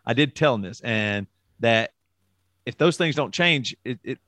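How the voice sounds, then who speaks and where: A middle-aged man in candid podcast chat, speaking at a medium pitch. His talk rambles, and he swears and restarts his sentences often. The recording is close and dry. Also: lively intonation, measured pace, a bit bright, no echo. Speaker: podcast co-host.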